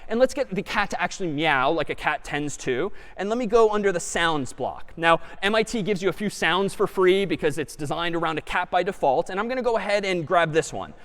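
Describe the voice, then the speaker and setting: A man's voice: high voice, fairly quick, few pauses. A man giving a live computer science lecture, thinking aloud as he works through a demo. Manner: lively and animated, thinking aloud. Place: large lecture hall. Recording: lecture hall with long reverb.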